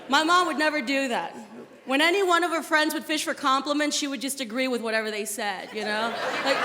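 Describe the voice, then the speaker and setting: High-voiced woman doing stand-up. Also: fast talker. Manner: blunt, acting out her mother. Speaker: stand-up comedian. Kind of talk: stand-up comedy. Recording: live club, loud crowd, reverb.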